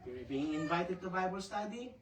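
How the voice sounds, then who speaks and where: A woman's voice: fairly low pitch, expressive, moderate pace, crowd noise. A woman with a Filipino accent leading a Bible study in an earnest, conversational way, reading scripture aloud with many asides. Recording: echoey room, voice far from the mic, faint noise.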